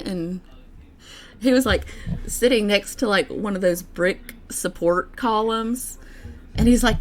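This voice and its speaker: A woman's voice: mid-range voice, measured pace, pauses often. A young woman vlogging in a casual, rambling way, with many fillers and restarts. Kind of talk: casual personal chat to camera.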